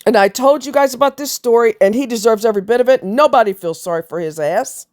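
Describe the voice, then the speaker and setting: A woman's voice: a little high, fast talker, a little mellow. Blunt, scornful woman ranting. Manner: mocks voices in quotes. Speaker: vlogger. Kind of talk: ranting monologue to viewers.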